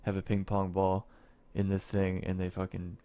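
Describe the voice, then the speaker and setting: A man's voice: sits low, monotone, normal speed, dark tone, clear, resonant tone. A man co-hosting a podcast in casual chat. He rambles, swears freely and laughs often. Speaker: podcast co-host.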